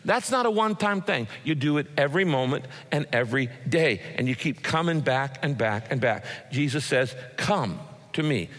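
A man's voice: fairly high pitch, fairly bright tone, big-room sound. A man preaching a sermon as pastor, folksy and punchy, building emphasis as he speaks.

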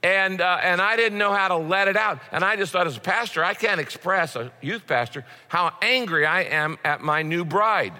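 A man's voice: high voice, moderate pace, hardly any pauses, pushed and bright. A man preaching a sermon as a pastor, in a conversational way with frequent repeated words. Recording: long hall reverb.

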